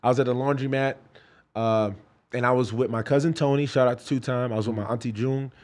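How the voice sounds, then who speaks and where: Animated man in his thirties telling stories. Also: medium pitch, quick pace. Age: 30s. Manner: animated storyteller, acts out voices in his stories. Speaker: guest, pro fighter. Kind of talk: casual podcast chat.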